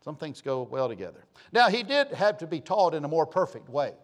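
A Southern preacher man delivers a homespun sermon, his fairly high voice rising into loud calls and dropping into quiet asides. His Southern accent colors every story he tells. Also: very animated, brisk. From Georgia, US. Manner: folksy storytelling, swinging between loud preaching and low asides. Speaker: pastor.

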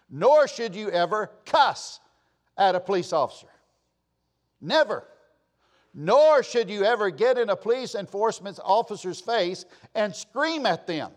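A man delivers a sermon in a notably high voice, stern and insistent. He admonishes his listeners, repeating the same warnings over and over for emphasis. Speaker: pastor. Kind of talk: sermon lecture to a congregation.

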